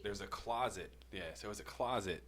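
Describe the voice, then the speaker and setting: A man with a very deep voice tells a story on a podcast in a loose, meandering way, swearing freely and laughing between lines. Faint room noise sits behind him. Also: fairly quick, a bit bright. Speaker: podcast co-host telling a personal story. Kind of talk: casual storytelling.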